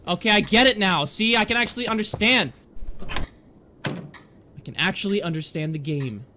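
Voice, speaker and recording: A young man commenting on a horror game he is playing, excitable, yelling, laughing and talking back to the characters. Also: high-pitched, moderate pace, slight background noise. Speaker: gaming YouTuber.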